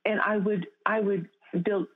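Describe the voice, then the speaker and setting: A woman's voice: medium pitch, fairly even intonation, measured pace. A woman guest telling a faith testimony in an interview, speaking earnestly with frequent restarts. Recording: tinny phone-line sound.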